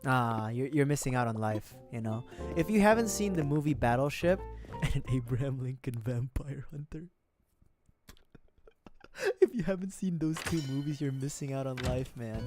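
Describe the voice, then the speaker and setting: A man chatting his way through a cozy game on a livestream, rambling, joking and laughing at himself as he talks to his chat. His voice sits at an ordinary middle pitch, with faint game music playing behind him. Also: moderate pace, a little mellow. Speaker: streamer. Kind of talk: casual gaming livestream chat.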